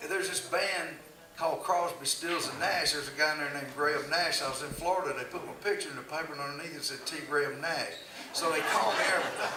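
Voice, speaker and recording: An older man telling casual, laughing stories about his years as a country singer. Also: on the high side. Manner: folksy, laughing, drawling storyteller. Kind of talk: casual storytelling. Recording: echoey, distant, noisy live room.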